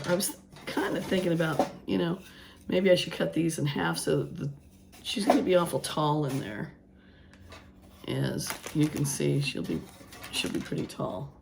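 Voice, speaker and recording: A woman with a hoarse voice, rambling casually as she works on a craft project and later preaching earnestly. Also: low-pitched, noisy background. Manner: rambling, thinking aloud with restarts; earnest preaching about faith. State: hoarse, voice still gone after illness. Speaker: craft vlogger. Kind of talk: casual craft vlog talk.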